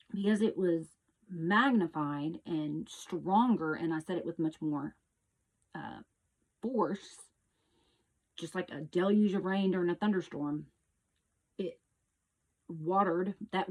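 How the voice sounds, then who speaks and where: A woman hosting her own show, earnestly teaching about energy in a casual monologue with restarts, sometimes calling out loud echoing hellos. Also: lowish voice. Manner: earnest, repetitive, with restarts and loud echo demonstrations. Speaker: host.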